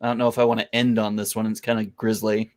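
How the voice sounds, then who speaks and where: A man's voice: fairly low pitch, little pitch movement, fast talker. A man co-hosting a casual podcast, reading news stories aloud to his friends. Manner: reads stories aloud, laughs along. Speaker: podcast co-host.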